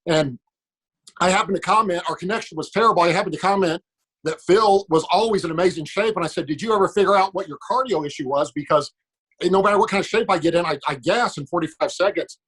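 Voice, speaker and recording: A man, a podcast guest, telling anecdotes quickly and acting out what people said. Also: sits high, a bit bright, slightly rough, rough recording. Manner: fast storyteller, acts out quotes. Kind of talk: anecdotal storytelling.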